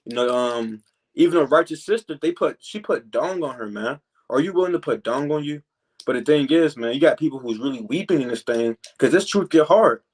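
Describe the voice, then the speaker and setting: A man with a husky, mid-range voice teaches from scripture in a relaxed preaching style. He fills pauses with "man" and "you know," and reads the verses slowly and deliberately.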